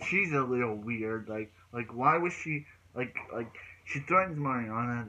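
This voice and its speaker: A TV show reviewer recaps an episode in a casual, rambling way, restarting his sentences often. His voice is medium-pitched with a sharp tone, and the audio sounds dull.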